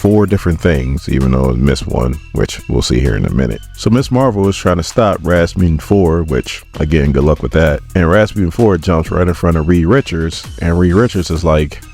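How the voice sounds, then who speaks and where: A man's voice: rumbling low, expressive, normal speed, gravelly, few pauses, darkish tone, soft background music. A man giving a laid-back comic book recap, retelling the story and acting out the characters' lines as he goes.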